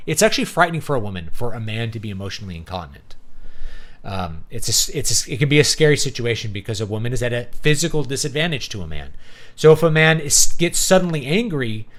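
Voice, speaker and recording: A man talks through his opinions in a loose, unscripted monologue as a show's host. His pitch swings widely from phrase to phrase, and he keeps tagging his points with a quick "right?". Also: big pitch swings, fairly bright tone. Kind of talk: casual commentary monologue.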